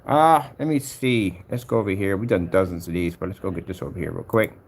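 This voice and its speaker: A man's voice: deep voice, brisk, slightly rough. A man, rambling and boastful as he scrolls through his own demos, humming filler sounds and challenging rivals. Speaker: projector screen paint maker. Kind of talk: rambling screen-recording vlog.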